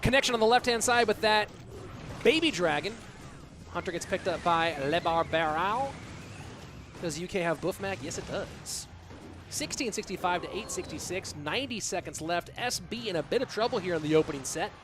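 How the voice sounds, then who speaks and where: Man in his thirties, live game commentary, chatty streamer, high voice. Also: animated, fairly quick, noisy background. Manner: casual, chatty, reads donations aloud. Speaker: esports caster and streamer. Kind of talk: live esports commentary and chat.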